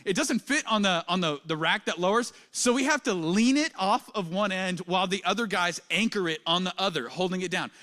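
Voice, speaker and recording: A man preaches a church sermon, telling stories with lively swings from soft and low to loud and high. His voice sits high for a man. The tone is bright and forward. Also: fairly quick, hardly any pauses. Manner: animated storytelling, dramatic swings of pitch and loudness. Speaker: pastor. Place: church auditorium.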